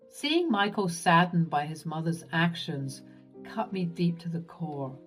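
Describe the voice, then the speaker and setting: A woman narrating a first-person story in an expressive, lively way. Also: lowish voice, unhurried, husky, faint music behind.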